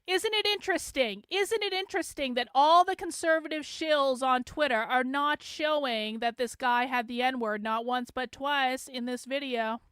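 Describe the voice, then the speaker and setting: A woman hosting a livestream, with a high, smooth voice. She is sarcastic and profane and talks straight to her viewers. The sound is close and dry. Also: normal speed, few pauses, a bit bright, no echo. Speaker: host. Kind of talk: livestream commentary.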